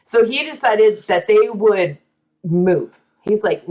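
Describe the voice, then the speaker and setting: A woman hosting a podcast, telling a true story in a casual, dramatic way, with asides and quick voices for the people in it. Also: fairly low pitch, sing-song, darkish tone.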